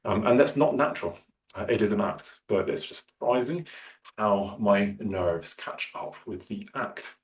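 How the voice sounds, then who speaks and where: A man giving a workshop talk on public speaking, with many fillers and restarts, who shifts his loudness and pace. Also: lowish voice, unhurried. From Scotland. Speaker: lecturer. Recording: roomy, distant mic, faint hum.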